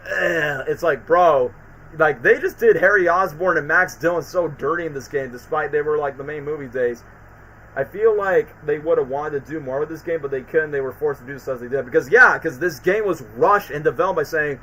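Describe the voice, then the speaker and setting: Bright-voiced man rambling on a casual stream. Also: on the high side, slight background noise, rough recording. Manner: rambling, fast, peppered with "like" and "bro". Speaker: streamer and channel host. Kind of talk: casual commentary livestream.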